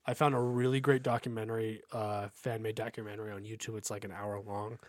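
A man's voice: fairly low pitch, little pitch movement, quick pace, dry recording, clean studio sound. A man co-hosting a casual podcast, talking animatedly with frequent stammered restarts. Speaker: podcast co-host. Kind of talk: casual chat.

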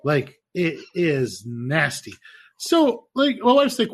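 Husky man telling rowdy stories. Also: a little high, takes it slowly. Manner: profane, animated storytelling. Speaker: podcast co-host. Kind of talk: casual chat.

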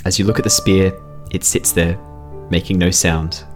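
A man's voice: low voice, steady tone, moderate pace, a little mellow, faint music behind. A man running a tabletop game as dungeon master, describing scenes and teasing his players with frequent laughs. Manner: laughs often, playful teasing.

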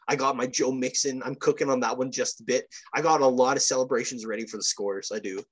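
Husky young man, eager sports fan chat. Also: medium pitch, fast talker, rough recording. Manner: enthusiastic, animated storyteller. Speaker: podcast co-host. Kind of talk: casual chat.

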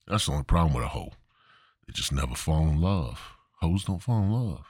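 A man's voice: extremely low pitch, lively intonation, moderate pace, breathy edge, no echo, studio quality. A man hosting a podcast, ranting crudely and rambling in a stand-up style. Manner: profane, rambling, swooping delivery. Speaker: podcast host.

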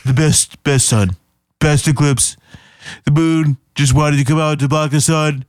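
A man's voice: fairly high pitch, fairly even intonation, measured pace, dry recording, studio quality, lightly acted. A man doing a comic impression of a boastful male president, repeating superlatives and bragging.

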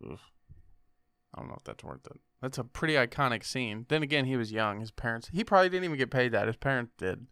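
A man's voice: medium pitch, animated, fast talker, a bit bright, clean tone, no echo, clean studio sound. A man co-hosting a podcast in casual chat, laid-back and joking, often trailing off mid-thought. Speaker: podcast co-host.

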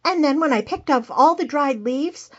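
Woman voicing a rambling black cat caller, high and lively. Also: normal speed, dull audio. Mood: fretful. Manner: rambling, worried, wanders off topic. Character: fretful black house cat caller, dramatic, easily distracted. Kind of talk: comedic call-in monologue.

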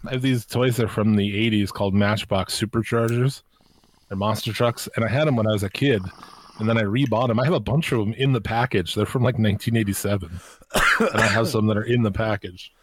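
A man's voice: lowish voice, fairly even intonation, brisk, noisy background. A man co-hosting a watch-along, chatting casually and explaining things in a loose, profane way with laughs. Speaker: co-host of a watch-along show. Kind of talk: casual chat.

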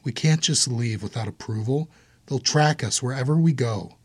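An anxious young husband talks in a tense, defensive way, as an audiobook narrator puts him on. His voice is husky and a little raised. The recording is dry. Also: mid-range voice, normal speed, no echo, close to an everyday voice.

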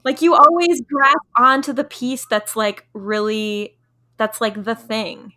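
Slow, bright-voiced woman. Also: fairly high pitch, level tone. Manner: warm praise, halting with fillers. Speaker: podcast co-host.

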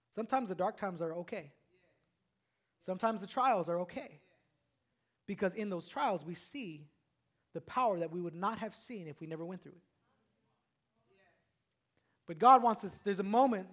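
A male pastor delivering a sermon in a very high voice. He preaches in an animated, repetitive way and keeps calling out to his congregation.

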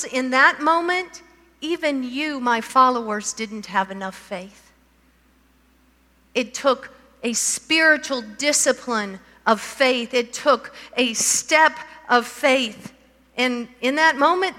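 Slow high-voiced woman preaching. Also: bright, forceful tone. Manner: reads scripture aloud and asks the listeners questions. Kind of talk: sermon. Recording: long hall reverb.

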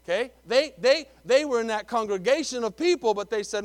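A man preaching from the pulpit. His voice sits very high for a man, and he swings between loud, punchy lines and quiet, hushed asides, often repeating words as he builds his point. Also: big pitch swings, normal speed, few pauses, no echo. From Texas. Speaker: pastor. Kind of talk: sermon.

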